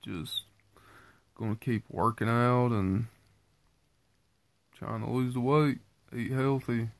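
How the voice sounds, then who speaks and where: A man gives his viewers a casual weight-loss update, slow and with fairly even intonation. His gravelly voice is congested from sinus trouble, he's tired from just waking up, and he rambles in a low-key way; the recording has no echo.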